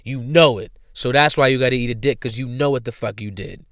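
Young guy doing his podcast, cussing a lot, smooth clear voice, dry close mic. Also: mid-range voice, fairly quick, no echo. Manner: profane, blunt, heated rants then relaxed sign-off. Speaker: podcast host. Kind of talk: casual solo podcast rant. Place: home room.

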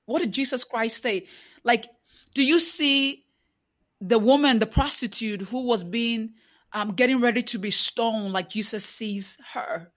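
A woman's voice: a little high, a little slow. Impassioned woman with a preaching cadence. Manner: impassioned, preaching cadence, repeats rhetorical questions; many fillers and restarts. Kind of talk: conversational interview.

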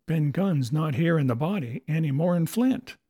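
A man's voice: a little high, animated, moderate pace, dark tone, slightly rough. A man voicing a frightened young male pirate lad who speaks in an uneasy, doubtful way.

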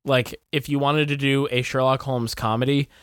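A laid-back young man co-hosting a film podcast, blunt in his opinions and casual with swear words. His voice sits at a middle pitch and is recorded dry and close. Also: little pitch movement, normal speed, fairly bright tone, clear, resonant tone, dry recording. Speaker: podcast co-host. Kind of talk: casual movie review chat.

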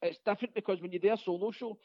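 A Scottish stand-up comedian telling rapid, sweary, laughing stories in a casual chat. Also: male voice, sits high, steady tone, dry recording, muffled recording.

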